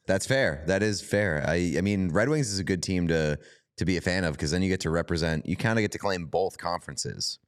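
A man's voice: deep voice, a little fast, clear, resonant tone. A man co-hosting a casual sports podcast, trading easygoing, dry banter. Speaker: podcast co-host. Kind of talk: casual chat.

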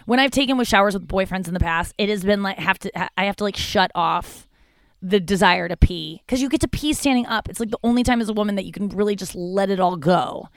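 A woman's voice: medium pitch, quick pace, dry recording. Candid, rambling woman podcast host. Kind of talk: casual comedic monologue.

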